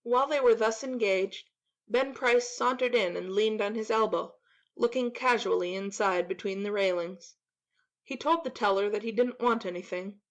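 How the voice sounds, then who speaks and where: A woman narrating a classic story in a measured, expressive dramatic reading. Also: medium pitch, dull audio. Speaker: audiobook narrator.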